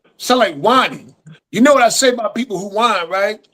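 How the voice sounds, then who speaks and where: A man's voice: sits high, fairly quick, fairly bright tone. A man on a sports panel, scornful and mocking, mimicking a whiny voice. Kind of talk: casual sports talk.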